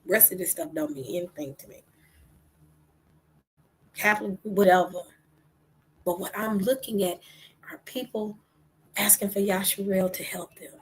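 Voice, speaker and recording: A woman delivers fervent religious commentary in a husky, breathy voice. She preaches with rhetorical questions and veers between hushed whispers and loud outbursts. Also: medium pitch, normal speed, pauses often, rough recording. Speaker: online talk host.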